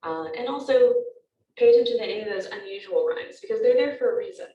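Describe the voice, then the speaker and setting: A woman's voice: fairly high pitch, expressive, quick pace, dark tone, echoey room, recorded from a distance, highs cut off. A woman teacher giving a recorded lecture, explaining step by step with frequent ums.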